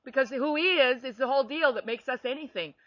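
A woman telling a personal faith story in animated, conversational storytelling, laughing now and then. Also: sits high, fast talker, no room sound, highs cut off. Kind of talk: faith testimony chat.

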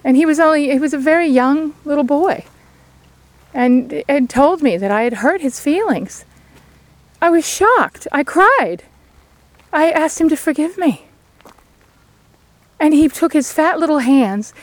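A woman with a somewhat high voice delivers an outdoor devotional sermon, standing beside a sheep paddock. She speaks in an earnest, pleading manner, urging her listeners. The sound is dry and close, with no echo. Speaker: lay preacher.

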